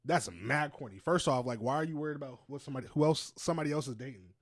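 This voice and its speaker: A young man co-hosting a podcast in casual, slangy chat, swinging between loud bursts and low, quiet stretches. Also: racing, dry recording, studio quality. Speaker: podcast co-host.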